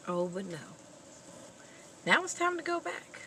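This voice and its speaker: A woman vlogger casually retelling a movie plot in an animated, expressive storytelling manner. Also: high-pitched, unhurried, a little hiss or hum, low-quality recording.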